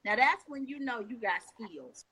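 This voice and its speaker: A woman's voice: fairly high pitch, lively intonation, unhurried, pushed and bright, husky. Chatty upbeat woman host. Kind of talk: casual online interview.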